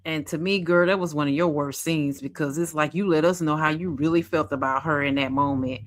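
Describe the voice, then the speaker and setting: A woman giving casual reaction commentary, animated and exclamatory, talking straight to her viewers. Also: low voice, fairly quick.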